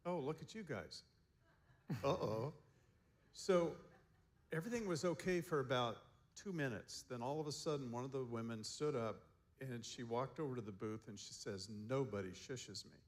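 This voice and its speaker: A man giving a seminar talk as a counselor, telling stories in a relaxed way and chuckling often. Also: medium pitch, moderate pace. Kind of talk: storytelling talk to a seminar group.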